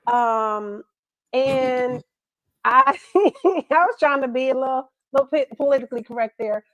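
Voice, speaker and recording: A woman's voice: sits high, measured pace, no echo, lo-fi sound. A woman on a discussion panel who speaks hesitantly and carefully, laughing at herself as she picks her words.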